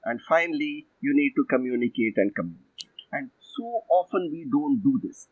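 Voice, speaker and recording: A man's voice: mid-range voice, expressive, moderate pace, no echo. An older man with an Indian English accent, an executive coach answering interview questions emphatically. He sets out points in lists and acts out other people's quotes. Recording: dull muffled dry sound.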